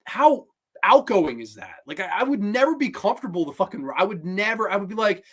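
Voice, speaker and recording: A man hosting a horror review show, chatting casually on a livestream and answering viewer comments in an excitable, profane, rambling way. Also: sits high, brisk.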